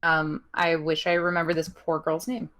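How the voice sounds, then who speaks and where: A woman's voice: low voice, moderate pace. A young woman co-hosting a podcast, recapping wrestling in casual chat with lots of ums and giggles. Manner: chatty with many ums, giggles, animated voices in quotes. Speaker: podcast co-host.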